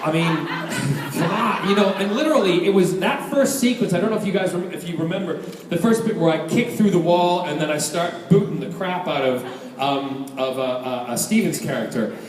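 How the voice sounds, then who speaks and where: A middle-aged man from Scotland, an actor answering fan questions at a live convention panel, animated and joking, laughing often. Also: a little high, normal speed. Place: large convention hall. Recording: echoey convention hall from a distance, loud crowd noise.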